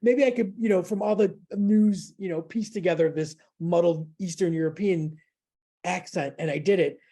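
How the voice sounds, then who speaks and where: A woman's voice: lowish voice, normal speed, dark tone. A woman hosting a podcast, chatting casually and telling a story with lots of fillers and restarts. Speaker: podcast host. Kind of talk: casual chat.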